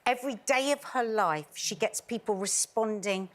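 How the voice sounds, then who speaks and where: A woman's voice: a little high, moderate pace. A woman panelist arguing her opinion earnestly and emphatically in a daytime TV studio chat.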